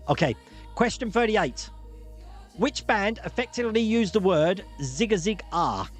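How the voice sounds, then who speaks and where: Lively high-voiced man hosting a quiz. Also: normal speed, soft background music. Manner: jokey, laughs often, reads out multiple-choice options. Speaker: quiz host. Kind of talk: live-streamed pub quiz hosting.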